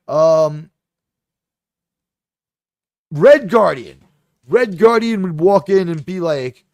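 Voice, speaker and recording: A man hosting a livestream, ranting casually about shows and films in a profane, exasperated, animated way. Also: high voice, dry recording, clean studio sound. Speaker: livestream host.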